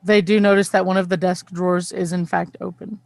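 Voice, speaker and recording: A woman narrating a tabletop game as game master, relaxed and hesitant, with many pauses. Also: fairly low pitch, gravelly, no echo.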